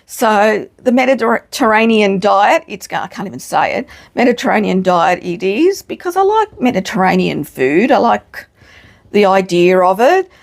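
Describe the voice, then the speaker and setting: A woman's voice: medium pitch, expressive, moderate pace, creaky. A middle-aged woman, chatting casually to camera in a frank, self-mocking way and swearing freely. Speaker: vlogger. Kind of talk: casual chat.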